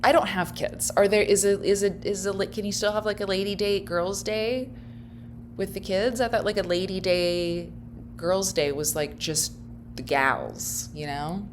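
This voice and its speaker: A woman giving casual, wry commentary as she reacts to a video clip, laughing often and thinking out loud. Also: medium pitch, steady tone, measured pace, slight background noise.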